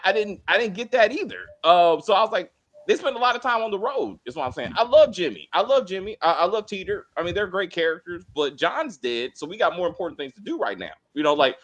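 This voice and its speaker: Animated man in a casual review chat. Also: a little high. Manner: animated, acts out quotes in mock voices. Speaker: co-host of a TV review show.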